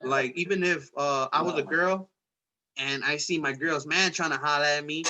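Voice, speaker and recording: High, bright-voiced profane young man. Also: normal speed, rough recording. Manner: profane, animated storytelling. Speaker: host. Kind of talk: casual chat.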